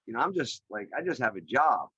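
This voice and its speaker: A middle-aged man tells his story over a video call, energetic and chatty, with his sentences full of "you know." His voice comes through dry and close, with a slightly muffled, narrow sound. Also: medium pitch, fairly quick, husky, no echo. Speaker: podcast guest, real estate developer. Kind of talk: animated storytelling in an interview. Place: remote call.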